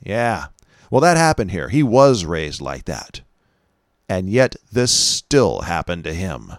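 A man's voice: deep voice, very animated, slow, dry recording, clean studio sound. A man hosting a commentary show who reads an article aloud and then comments with emphatic, sarcastic asides to his listeners.

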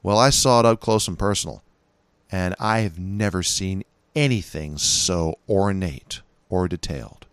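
A middle-aged man with a Californian accent hosting his own podcast, talking in a folksy, chatty way with lively emphasis. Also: deep voice, a little slow, clear, resonant tone, no echo. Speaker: podcast host. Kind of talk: casual solo podcast talk.

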